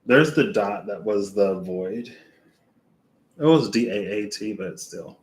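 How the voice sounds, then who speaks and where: A man reading oracle cards aloud in a casual way, with unhurried, musing asides to himself between passages. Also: lowish voice, animated. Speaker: oracle card reader.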